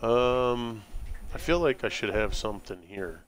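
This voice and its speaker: A man's voice: medium pitch, a little slow, slight background noise. An American man streaming a building game live, chatting casually with his viewers and friends and laughing often. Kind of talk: casual chat while gaming.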